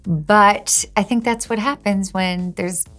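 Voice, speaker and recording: A woman's voice: medium pitch, steady tone, takes it slowly, a bit bright, faint music behind. A woman being interviewed as a guest, chatting casually and laughing often. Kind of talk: casual chat.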